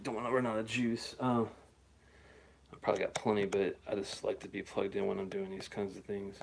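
A middle-aged man with a fairly low voice chats loosely through a live stream. He rambles, restarts and chuckles between thoughts, speaking into a phone-style device. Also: level tone, brisk, vocal fry, a little hiss or hum. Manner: rambling and chatty, with frequent fillers and chuckles. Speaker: whisky reviewer hosting a live show. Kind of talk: casual live-stream chat. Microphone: phone or handheld device he plugs in and holsters.

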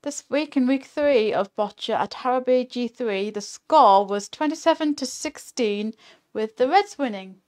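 Higher-voiced female co-host. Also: measured pace, a little mellow. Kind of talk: community live stream.

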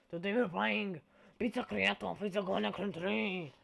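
A man's voice: sits high, normal speed, vocal fry, fairly bright tone, slight background noise. A man giving casual gameplay commentary in a goofy, playful way, dropping mock-Italian exclamations.

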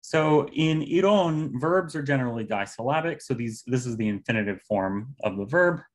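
A man giving an academic linguistics talk over a video call, explaining step by step with pauses and fillers. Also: medium pitch, animated. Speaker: linguistics presenter.

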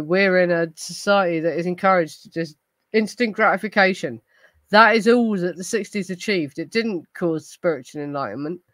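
A woman's voice: on the low side, dry recording, rough recording. A woman hosting a casual livestream chat, tipsy and ranting with rambling, heavy swearing. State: tipsy from gin. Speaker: host of a true crime livestream.

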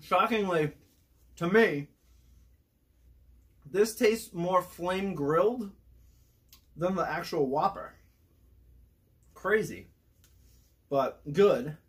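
An excitable man reviewing fast food straight to camera, chatting between bites with his mouth still half full. His voice sits a little higher than most men's. He talks loosely and jokes with the food. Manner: excitable, talks while chewing. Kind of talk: casual food review vlog.

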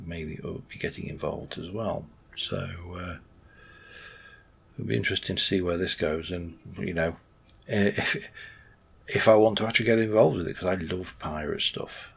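Hosting a Minecraft let's play, a man with a low-pitched, husky voice and vocal fry offers casual gameplay commentary. He rambles as he plays, thinking aloud and correcting himself.

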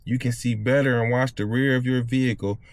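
A man's voice: mid-range voice, steady tone, dry recording. A man, reading driving test questions aloud and explaining the answers in loose, casual talk. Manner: reads questions slowly, then explains in loose slang. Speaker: CDL test tutor.

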